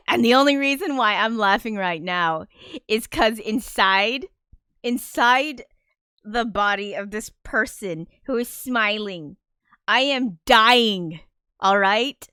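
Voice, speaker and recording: A woman in a casual livestream chat, rambling and self-deprecating, with frequent swearing and nervous laughter. She sounds flustered and anxious as she talks. Her voice is smooth and clear, recorded close and dry with no room sound. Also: a little high, slow pace, sharp tone, no room sound. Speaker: streamer and composer.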